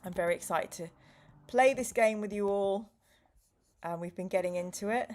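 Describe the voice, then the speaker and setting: A woman's voice: mid-range voice, normal speed, darkish tone. A woman hosting a live gaming stream, chatting casually, reading viewer comments aloud and making jokey asides.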